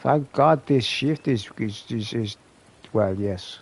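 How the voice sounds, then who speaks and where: Guy streaming, slow gravelly delivery, rambling gameplay chat. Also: mid-range voice. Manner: rambling, chatty, peppers talk with "mate". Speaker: game streamer. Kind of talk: live gameplay commentary.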